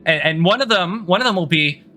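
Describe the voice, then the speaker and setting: Bright-voiced male dungeon master. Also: high voice, expressive, a little fast. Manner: casual, with fillers. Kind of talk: narrating a tabletop game.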